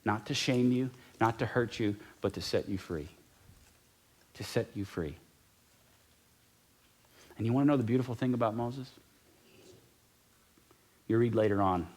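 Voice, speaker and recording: A middle-aged pastor preaching a sermon in a conversational way, repeating key phrases for emphasis and sometimes dropping to a near whisper. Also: male voice, fairly low pitch, normal speed, long pauses, mellow.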